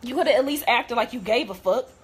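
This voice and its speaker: Young woman vlogger, husky and raw, venting hurt bluntly with plenty of swearing. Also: fairly high pitch, fast talker. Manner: blunt, profane, hurt and heartfelt. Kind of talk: emotional rant to camera.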